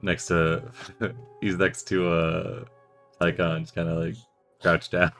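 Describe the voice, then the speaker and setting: A man playing in a tabletop game, musing slowly and casually. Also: deep voice, little pitch movement, vocal fry, fairly bright tone, soft background music. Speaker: player.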